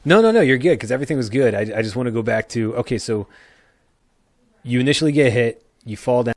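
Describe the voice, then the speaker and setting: A man's voice: mid-range voice, expressive, fast talker, dry recording. A man hosting a casual podcast interview, asking guiding questions with short encouraging replies. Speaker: podcast host.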